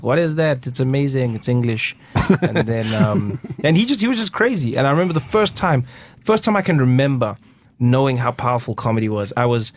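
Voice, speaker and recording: A South African man, a guest comedian, telling stories in casual talk-show chat, animated and laughing as he acts out the people in them. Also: medium pitch, no echo.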